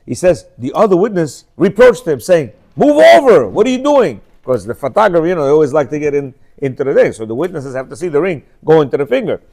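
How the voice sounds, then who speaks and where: A middle-aged man leads a Torah class on marriage with a notably high-pitched voice. He talks emphatically and scolds his listeners, repeating each point several times. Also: animated, fast, hardly any pauses, a little mellow. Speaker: religious teacher.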